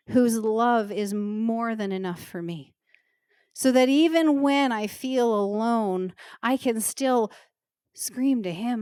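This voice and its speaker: A middle-aged woman pastor preaching a sermon in an earnest, emotional way, slowing down to stress key words. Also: fairly high pitch, a little mellow, clear, resonant tone, dry recording, clean studio sound. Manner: earnest, emotional, slows down for emphasis. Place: church stage.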